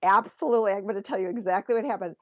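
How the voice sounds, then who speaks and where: A woman's voice: mid-range voice, racing, darkish tone, no echo. Enthusiastic woman telling stories. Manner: enthusiastic, storytelling. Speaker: guest, self-help author. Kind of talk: casual interview chat. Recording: slightly dull lo-fi audio.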